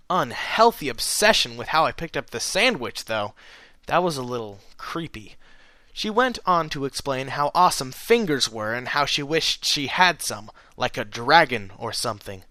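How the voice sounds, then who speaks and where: Man, audiobook narrator, expressive first-person reading, bright voice, medium pitch. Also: moderate pace, no room sound. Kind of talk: audiobook reading of fan fiction.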